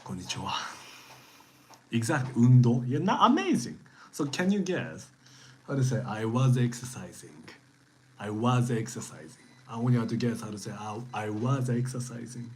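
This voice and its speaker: A Japanese-accented man leads a relaxed live-streamed lesson, his voice swinging up and down as he cheers his viewers on. He talks at a medium pitch. Faint room noise and keyboard typing sit under his voice. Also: normal speed, low-quality recording. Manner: lively, encouraging, switches between English and Japanese.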